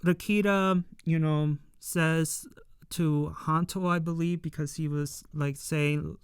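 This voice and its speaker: A slow-talking reviewer with a smooth, clean voice walks through an episode in a relaxed, rambling recap. The sound is dry and close, with no room behind it. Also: mid-range voice, dry recording. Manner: rambling, heavy fillers, loosely paraphrases scenes.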